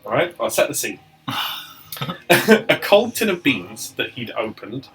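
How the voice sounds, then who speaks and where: A man's voice: mid-range voice, very animated, slow pace, a bit bright, low-quality recording. A man, a barber co-hosting a podcast, telling stories in casual chat, swearing and laughing often.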